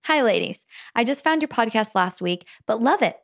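A woman's voice: a little high, normal speed, no echo, studio quality. A young woman co-hosting a casual podcast, reading a listener's letter and telling stories with frequent laughs. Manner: chatty, laughs often, animated storytelling. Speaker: podcast co-host.

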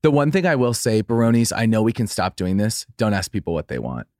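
A man's voice: quick pace, dry recording, studio quality. A man co-hosting a podcast who is effusive and gushing in casual chat, and says he is sick. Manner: effusive, gushing, swoops high when excited. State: has a cold. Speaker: podcast co-host.

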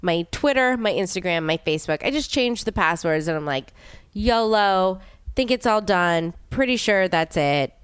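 A young woman chatting casually as a podcast host, telling a story with many fillers and sudden high exclamations. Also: clean tone, no echo. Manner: animated storytelling with many "like" fillers, leaps in pitch when exclaiming. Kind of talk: casual chat.

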